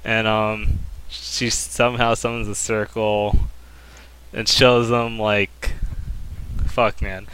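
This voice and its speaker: A man's voice: fairly low pitch, flat delivery, slow, fairly bright tone, clear, resonant tone, poor audio. A man casually recapping an anime plot in a laid-back, hesitant way, laughing now and then. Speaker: podcast co-host.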